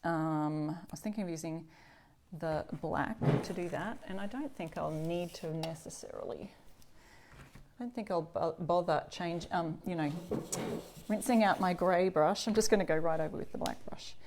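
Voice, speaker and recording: A woman's voice: lowish voice, normal speed, noisy background. Chatty woman hosting a live craft demo. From Australia. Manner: chatty, greets viewers, reads comments. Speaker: upcycling channel host.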